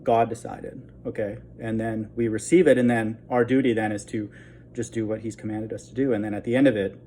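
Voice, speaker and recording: A man's voice: lowish voice, flat delivery, a little fast, warm tone, a little hiss or hum. Blunt preacher man repeating "okay?". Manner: conversational, blunt, repeats "okay?" after points. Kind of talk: informal sermon, Bible teaching.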